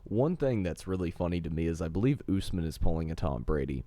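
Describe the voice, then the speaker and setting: Male podcast talker, very deep and mellow, dry close sound, argues in full sentences. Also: sing-song, fast, no echo. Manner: argumentative, makes long points in full sentences. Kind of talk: casual podcast chat about fighting.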